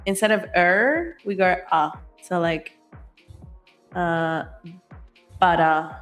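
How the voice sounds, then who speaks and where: A woman's voice: fairly low pitch, animated, slow pace, fairly bright tone, echoey room, soft background music. A woman with an Australian accent co-hosting a live stream, chatting casually, laughing often and reading the chat aloud. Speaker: livestream co-host.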